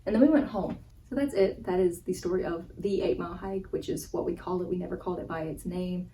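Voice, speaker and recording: A young woman vlogger telling a funny personal story in a casual, animated way, laughing as she goes. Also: lowish voice, fast, distant mic, a little hiss or hum, low-quality recording. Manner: animated, laughing, acts out gestures. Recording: voice a bit off-mic with faint background ambience.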